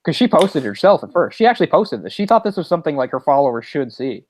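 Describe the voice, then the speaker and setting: A man's voice: a little high, sing-song, quick pace, rough recording. A man co-hosting a podcast, casually retelling a story with mocking impressions. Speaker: podcast co-host. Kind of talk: casual chat.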